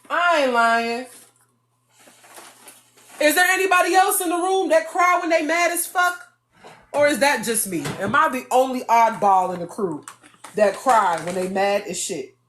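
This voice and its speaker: A woman hosting a live stream with a slightly high voice. She tells stories in a blunt, animated way and swears freely as she talks to her viewers. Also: a little slow, long pauses. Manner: blunt, profane, animated storytelling. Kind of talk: casual live-stream chat.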